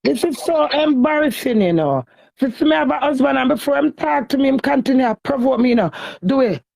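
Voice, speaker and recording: A woman speaks in thick Jamaican Patois, venting emotionally into her phone about her marriage in a raw social media rant. Her voice sits high with a rough, gravelly crackle. The sound is dry and close, with no room echo, as she swings between cussing and begging. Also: lively intonation, brisk, a little mellow.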